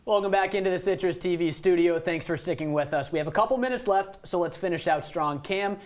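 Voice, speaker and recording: Young woman, sports talk co-host, lowish voice, gets fired up, faint music behind. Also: brisk. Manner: animated, gets worked up and emphatic. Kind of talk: student sports talk show. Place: TV studio.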